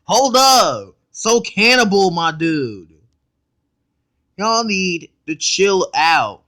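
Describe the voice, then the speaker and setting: A man hosting a casual reaction video, excitable and blunt, talking in slang straight to his viewers and cutting in often to comment. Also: high voice, extremely slow. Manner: excitable, blunt and profane, keeps interrupting with "hold up".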